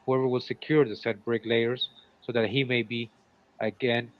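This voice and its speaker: A man's voice: mid-range voice, flat delivery, normal speed, dry recording. A man reading old runaway-servant ads aloud and commenting on them between lines as a show co-host. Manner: reads old runaway ads, breaks off with asides. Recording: dull, lo-fi sound.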